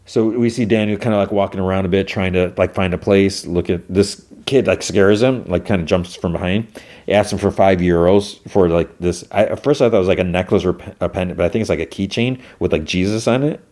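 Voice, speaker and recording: Low, mellow-voiced man recapping a show. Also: fairly quick. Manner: retells scenes with loose quoted lines, many "like" fillers. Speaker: podcast host. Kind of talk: casual episode recap.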